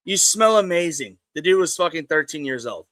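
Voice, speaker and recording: A man's voice: fairly high pitch, animated, a little fast, fairly bright tone, no room sound. A man co-hosting a live sports talk show, speaking emphatically in casual chat and calling others dude and bro.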